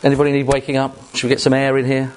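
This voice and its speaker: A man preaching a sermon to a congregation, emphatic and animated, with rhetorical questions and asides to the room. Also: mid-range voice, very fast, a little hiss or hum. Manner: jokes directly with the congregation.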